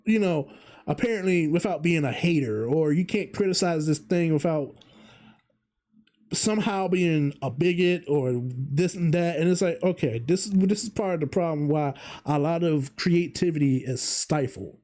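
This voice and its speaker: A man with a slightly high, mellow voice speaks at a normal speed, hosting his own channel as a vtuber. He talks through his opinions in a rambling casual commentary monologue, cutting himself off and chuckling frequently.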